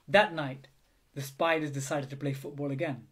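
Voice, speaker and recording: A man reading a children's picture book aloud in an animated, unhurried storytelling voice. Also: on the high side. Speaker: storybook reader.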